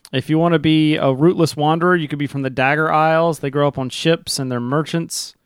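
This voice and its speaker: A man's voice: a little high, steady tone, fairly quick, clear, resonant tone, no room sound, studio quality. A man running a tabletop game, explaining the rules casually with many fillers. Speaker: game master.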